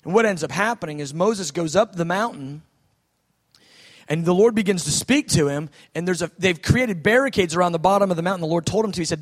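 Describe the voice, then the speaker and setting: A man preaching a sermon, dramatic, swinging between shouts and hushed tones. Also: high voice, quick pace.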